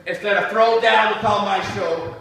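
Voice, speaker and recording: A man doing a stand-up set at an open mic, telling stories in an animated, profane way. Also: high voice, normal speed, a crowd in the background. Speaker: stand-up comedian. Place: open mic comedy venue. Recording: echoey room, distant mic.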